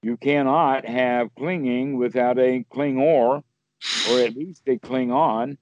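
The audio is muffled with no room sound, and a man speaks slowly with fairly even intonation. He gives casual spoken teaching on Buddhist practice over a call, playfully voicing inner thoughts that break into sudden high exclamations.

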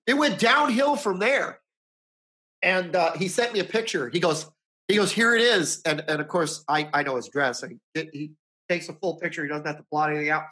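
A man's voice: on the high side, brisk, pushed and bright. A man co-hosting a podcast, chatting casually and joking as he retells a story. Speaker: podcast co-host. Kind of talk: casual chat.

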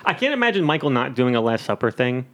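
A man chatting with friends in a relaxed group conversation. He jokes around and tells stories, and his pitch rises and falls a great deal as he talks. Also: fast, lo-fi sound. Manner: joking, animated storyteller. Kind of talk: casual chat among friends.

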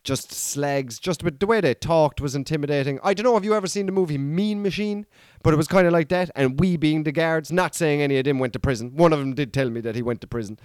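A man in his thirties with an Irish accent rambles through a comic podcast monologue, animated and peppered with "like". His voice sits a little high. The recording is close and dry with no room sound. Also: fast, smooth, no echo. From Ireland. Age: 30s. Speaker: podcast host. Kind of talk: casual comedic monologue.

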